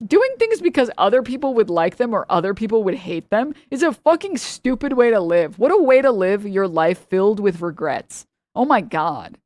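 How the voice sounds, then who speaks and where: A woman streams and chats casually with her viewers, blunt, opinionated and quick to swear. Her voice sits at an ordinary middle pitch and laughs come easily. The sound is dry and close, with no room echo. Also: a little mellow. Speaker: livestreamer. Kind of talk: casual livestream chat with viewers.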